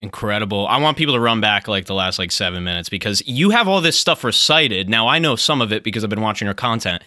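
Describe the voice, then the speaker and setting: A man's voice: on the low side, lively intonation, quick pace, few pauses, pushed and bright, no echo, clean studio sound. A man hosting a podcast, chatting casually with his guest in enthusiastic, loose phrasing. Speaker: podcast host. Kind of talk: casual interview chat.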